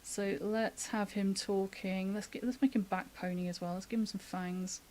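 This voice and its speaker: A woman talks through a drawing demo in a relaxed, chatty stream. She thinks aloud as she sketches and laughs easily. She is from the UK. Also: mid-range voice, normal speed. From United Kingdom. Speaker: artist giving a drawing demo. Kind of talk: casual live-stream drawing tutorial.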